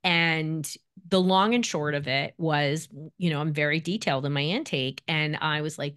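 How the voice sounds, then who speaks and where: A middle-aged woman speaking as an expert guest on a podcast, animated and acting out the voices she quotes. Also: sits low, moderate pace, hardly any pauses, smooth. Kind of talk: podcast interview.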